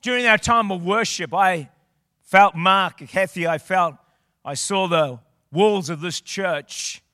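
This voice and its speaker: A man preaches with fervor, his high voice sharp and intense. He drives his points home and rises to loud declarations. His voice rings with a long reverb through the hall. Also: studio quality. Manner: impassioned, rising to shouted declarations. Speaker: guest preacher. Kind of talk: sermon. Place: church auditorium.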